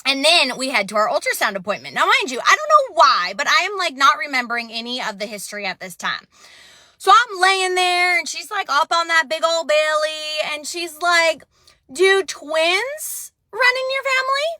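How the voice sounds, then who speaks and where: Lively bright-voiced woman storyteller. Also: high-pitched, moderate pace, dry recording, clean studio sound. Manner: animated, expressive, acting out quoted voices. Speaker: vlogger. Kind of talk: casual storytelling.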